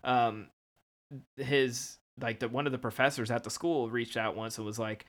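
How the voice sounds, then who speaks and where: A man's voice: mid-range voice, steady tone, normal speed, a bit bright. Rambling male podcast host. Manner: rambling storyteller, many restarts. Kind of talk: casual chat. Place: lives in Iowa.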